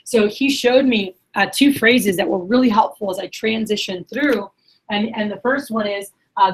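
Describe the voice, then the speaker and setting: Speaking at a moderate pace in a mid-range voice, a young woman trains a group in sales inside a meeting room, captured on a rough recording. She's lively and conversational, quizzing the audience and dramatizing how customers respond.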